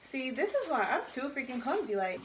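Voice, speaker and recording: A woman vlogger chatting casually and talking at the camera, chatty and self-mocking, quick to apologize. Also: sits high, big pitch swings. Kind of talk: casual vlog chat.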